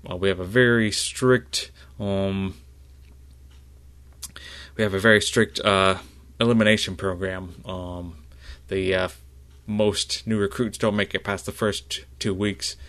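A man puts on a male Jedi battle master who teases and then steadies new recruits. His voice is friendly and unhurried, a little raised above the narration, with frequent pauses. It is a low male voice lifted slightly for the role. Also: fairly even intonation, fairly bright tone, smooth. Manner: teasing, then reassuring.

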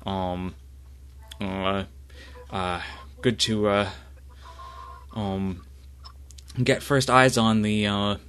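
A man's voice: on the low side, steady tone, extremely slow, pauses often, a bit bright, clear, resonant tone. A man voicing a friendly young male student pilot in a tabletop game, hesitant and full of fillers.

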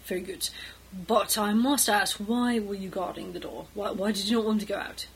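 A woman narrating a tabletop role-play and voicing its characters, moving between calm narration and loud, raised in-character lines. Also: medium pitch, normal speed, vocal fry, breathy edge. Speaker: game master and player.

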